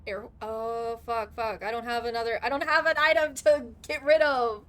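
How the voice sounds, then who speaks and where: A young woman live-streaming a video game, chatting to viewers in an excitable way, laughing often and swearing now and then. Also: fairly high pitch, normal speed, hardly any pauses, slight background noise. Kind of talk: live gaming stream chat.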